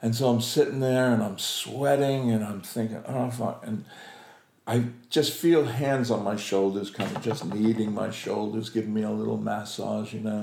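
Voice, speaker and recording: Animated male storyteller in an echoey room. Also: lowish voice, vocal fry. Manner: animated, acts out quoted voices, laughs often. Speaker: interview guest, actor. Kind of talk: anecdotal storytelling.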